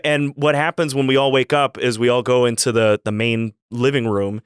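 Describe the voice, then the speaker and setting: A man telling a long childhood story on a podcast in a rambling, halting way, full of "like" fillers. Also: medium pitch, steady tone, smooth, no echo, clean studio sound. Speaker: guest storyteller.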